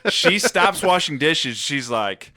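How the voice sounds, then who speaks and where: A man's voice: on the high side, slow pace. A young man co-hosting a podcast, telling a long story in casual chat and acting out the people in it with a lot of swearing. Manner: animated storyteller who acts out quotes, swears a lot. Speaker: podcast co-host.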